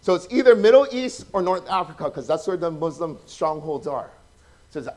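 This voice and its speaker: Chatty, animated high-voiced male preacher. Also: brisk. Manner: chatty, animated, acts out quotes, asks the audience questions. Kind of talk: informal sermon storytelling.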